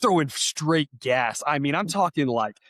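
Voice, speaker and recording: Animated man telling a story. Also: a little high, measured pace, no room sound, clean studio sound. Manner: animated, laughing, voice jumps when reenacting yelling. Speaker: podcast co-host. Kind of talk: casual chat, storytelling.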